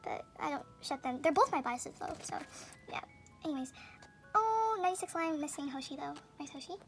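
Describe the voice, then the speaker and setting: A woman's voice: high-pitched, expressive, fairly quick, a bit bright, soft background music. A young woman gushing through an unboxing, squealing and gasping as she chats. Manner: gushing, squealing, lots of gasps and fillers. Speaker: vlogger. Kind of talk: excited unboxing chat. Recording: noisy home recording.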